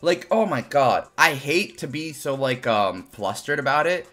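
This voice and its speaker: A man's voice: mid-range voice, animated, unhurried, a bit bright. A young man giving a casual, frustrated review of a wrestling event, ranting animatedly and swearing often.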